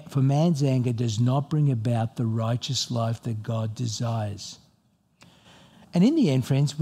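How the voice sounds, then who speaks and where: A middle-aged male pastor preaches to his congregation in a fairly high voice. He tells stories with animated swings in tone and keeps putting questions to his listeners. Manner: animated, storytelling, asks the audience questions. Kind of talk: sermon. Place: church hall before a congregation.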